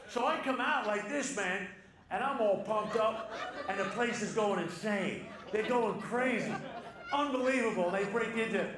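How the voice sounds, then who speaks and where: A man telling a comic anecdote to a live audience, animated and punchy, building to loud excited peaks. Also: high voice, unhurried. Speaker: storyteller on stage. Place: live venue with audience laughter. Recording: echoey live hall with crowd noise.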